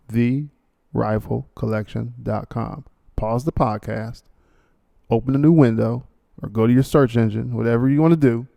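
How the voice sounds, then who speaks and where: This podcast host talks casually in a rambling, jokey way, full of fillers and side comments, and works in a read sponsor ad. His voice is medium in pitch, gravelly, and dark in tone.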